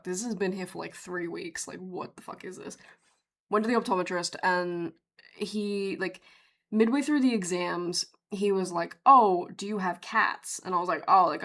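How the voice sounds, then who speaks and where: A young Australian woman streamer telling a story in casual chat, animated, with frequent swearing and restarts. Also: medium pitch.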